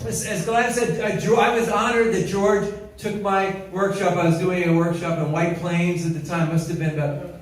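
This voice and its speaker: Older comedian rambling, echoey hall. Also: male voice, high voice, steady tone, moderate pace. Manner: rambling, self-deprecating jokes. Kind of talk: comic tribute speech. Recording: echoey hall from far off with crowd.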